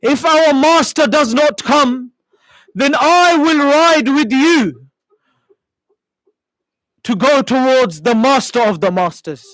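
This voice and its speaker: A male preacher voicing a loyal servant who quietly vows to ride out to his master. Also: very high-pitched, lively intonation, slow pace, pauses often, no echo, pitched above the performer's own voice, heavily acted, poor audio. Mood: earnest resolve. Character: devoted servant speaking to a horse, man.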